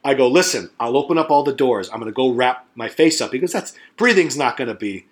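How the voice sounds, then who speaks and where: A middle-aged man chatting on a podcast at an ordinary middle pitch. He tells a long story loosely and crudely, stumbling over restarts and swearing freely. He slips into the voices of the people he quotes as he goes. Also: expressive, quick pace. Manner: profane, rambling, acts out quoted voices. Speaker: podcast co-host. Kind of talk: casual storytelling chat.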